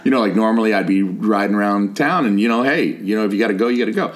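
A middle-aged man telling a story in casual comedic podcast chat, profane and animated. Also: lowish voice, rapid-fire, slight background noise. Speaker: podcast host.

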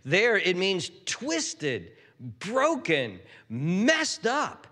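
Animated preacher man in a reverberant hall. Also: high voice, very slow. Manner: animated, restarts, acts out quotes. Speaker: pastor. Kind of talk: sermon.

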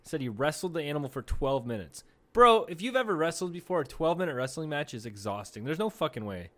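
A man's voice: a little high, sing-song, quick pace, fairly bright tone. Laughing, profane young man telling stories. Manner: profane, laughing storyteller, acts out quotes. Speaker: podcast co-host. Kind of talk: casual comedy podcast chat.

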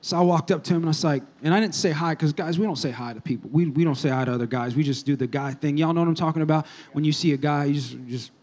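A man's voice: fairly high pitch, fairly even intonation, very fast, few pauses, a little mellow. A man preaching a sermon, telling a rambling, humorous story and calling out to the audience as he goes. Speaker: pastor.

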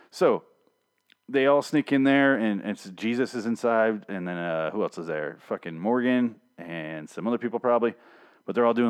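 A young man hosting a casual solo review podcast, talking sarcastically and swearing freely as he mocks an episode. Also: fairly low pitch.

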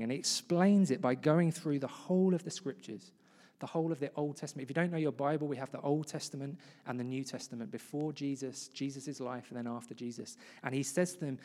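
Preacher, man, chatty sermon with acted-out quotes, long church echo. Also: a little high. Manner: conversational, acts out quoted voices. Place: church hall.

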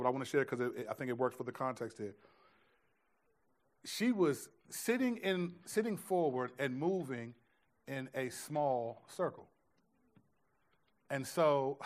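A man preaching a sermon as a pastor, telling a story in a lively, casual way with lots of restarts and slang. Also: a little high.

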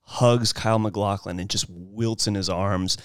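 A man in casual podcast talk about a film, animated and acting out lines from scenes. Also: unhurried, clear, resonant tone, no echo, clean studio sound. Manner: animated, acts out film lines in high voices. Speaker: podcast host.

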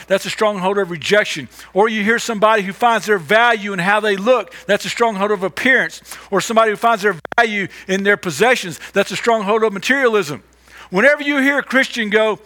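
Bright, high-voiced male preacher. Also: moderate pace. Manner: emphatic, repetitive, stammers on restarts. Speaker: pastor. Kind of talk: sermon.

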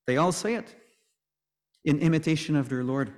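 Chatty preacher in an echoing church. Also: male voice, a little high, a little fast, long pauses. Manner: conversational, joking asides. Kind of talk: sermon.

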